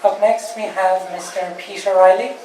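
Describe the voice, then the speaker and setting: A woman hosting an open-mic poetry night in a pub, introducing readers casually with filler pauses. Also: medium pitch, steady tone, mellow. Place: pub function room. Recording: roomy pub from a distant mic with background noise.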